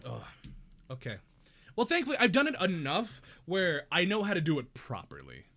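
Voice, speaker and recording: A man's voice: high-pitched, huge pitch swings, moderate pace, a bit bright. A young man chatting casually on a live stream from his home, giggly and rambling. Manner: giggly, rambling, self-deprecating. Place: home room.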